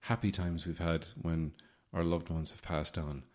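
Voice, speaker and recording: Man, very low voice, podcast host, comedic monologue, sardonic, swears, rambling. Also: steady tone, measured pace, darkish tone.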